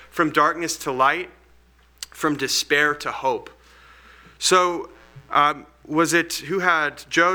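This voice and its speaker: A man's voice: fairly high pitch, pushed and bright. A man leading a group Bible study, earnest and explanatory, thinking aloud as he teaches.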